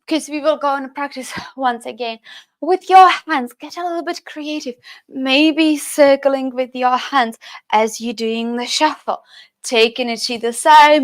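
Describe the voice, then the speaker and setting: A woman's voice: sits high, fairly bright tone. A woman teaching a chair burlesque fitness class, counting beats aloud with encouraging, sing-song cues. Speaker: dance fitness instructor.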